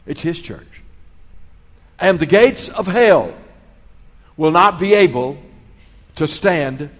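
Earnest preacher in a hall. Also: male voice, fairly high pitch, expressive, slow pace. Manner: earnest, storytelling preacher, swells in volume on key phrases. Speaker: pastor. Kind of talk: sermon. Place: large hall, school auditorium. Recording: long echo of a large hall.

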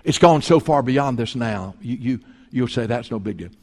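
A man preaching a sermon as pastor, telling folksy stories and swinging between loud and hushed. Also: medium pitch, animated, normal speed, big-room sound. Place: church sanctuary.

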